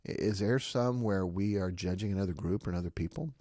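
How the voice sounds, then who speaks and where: A man's voice: low voice, brisk, no echo, clean studio sound. A man, a pastor, hosting a podcast and talking emphatically, often checking in with "okay?" and acting out what others say. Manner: emphatic, often asks "okay?" and acts out quotes in lively voices. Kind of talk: podcast monologue.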